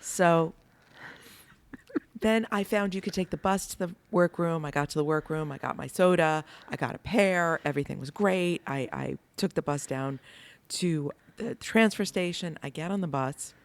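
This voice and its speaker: A woman's voice: deep voice, normal speed. An American woman co-hosting a casual chat, telling a funny story and often laughing while she talks. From United States. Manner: animated, laughs through the story. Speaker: podcast co-host.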